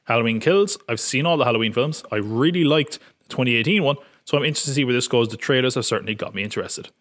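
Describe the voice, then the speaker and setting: A man's voice: medium pitch, fast talker, fairly bright tone. Wry male podcast host. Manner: wry, self-mocking, joking. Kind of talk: casual film preview chat.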